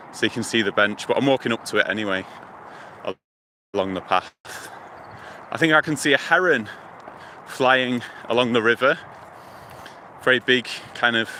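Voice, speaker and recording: A man from the United Kingdom livestreaming on his phone while walking outdoors by a lake, chatting to viewers in a relaxed, rambling way. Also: mid-range voice. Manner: relaxed rambling, thinking aloud, talks to viewers. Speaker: live-stream vlogger. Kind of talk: casual walking livestream chat. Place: outdoors by a lake and river near a motorway. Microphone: phone held while walking. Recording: outdoor traffic hum behind.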